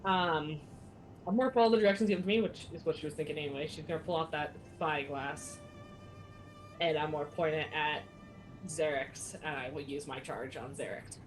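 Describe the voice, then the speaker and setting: Player, woman, lowish voice, chatty, talks rules through aloud, music behind. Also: a little fast. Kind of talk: casual tabletop play.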